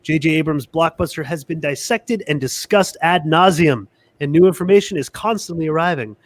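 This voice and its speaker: A man's voice: a little high, a little fast, no room sound. A man with a congested voice, chatting animatedly as a podcast co-host and reading an article aloud. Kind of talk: casual podcast chat.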